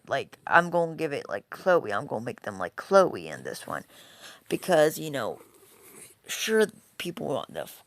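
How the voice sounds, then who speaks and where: A woman's voice: low-pitched, creaky. A woman casually telling a fan story, rambling and swearing, filling gaps with "you know".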